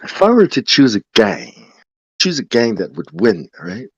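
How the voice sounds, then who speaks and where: A man's voice: on the low side, wildly swooping pitch, a little slow, husky, no room sound, dull audio. Laid-back man in casual chat. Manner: laid-back, laughs often, casual slang.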